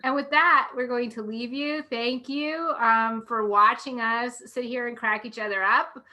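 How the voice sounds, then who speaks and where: A woman's voice: a little high, fairly even intonation, unhurried, pushed and bright. A woman hosting a casual chat show, laughing often and talking to her guest. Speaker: host.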